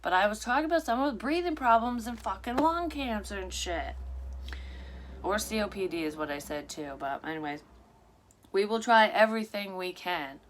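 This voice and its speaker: A woman's voice: medium pitch, lively intonation, fairly quick, a little hiss or hum. A woman who works as a psychic medium reads a story aloud and breaks off often for frank, rambling asides full of swearing. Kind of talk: reading a story aloud with casual commentary.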